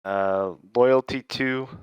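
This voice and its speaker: A man taking part in a tabletop game, relaxed and slangy as he talks in character. His voice is smooth and resonant, and the sound is dry and close. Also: mid-range voice, takes it slowly, no room sound. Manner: laid-back, slangy, drawling. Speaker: player.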